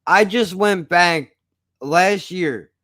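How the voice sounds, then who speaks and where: An excitable man co-hosting a casual chat over a video call, calling his friend "dude" and "bro". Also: sits high, extremely slow, no echo, clean studio sound. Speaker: podcast co-host.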